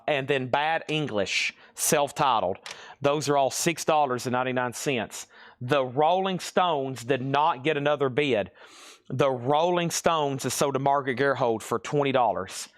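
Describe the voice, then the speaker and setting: A man hosting a live-stream record sale, briskly reading out items, buyers and prices, and checking in with "okay?". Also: medium pitch, fairly bright tone, dry recording, clean studio sound.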